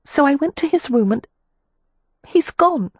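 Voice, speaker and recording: Anxious young sister, pitched high and pleading, read by a woman narrator; dry, husky. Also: animated, measured pace, darkish tone, dry recording.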